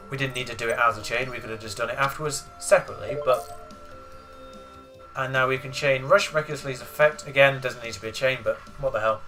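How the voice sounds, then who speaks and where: A man's voice: medium pitch, sharp tone. A man giving casual, rambling gameplay commentary as a let's play gamer. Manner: rambling, chatty explanations.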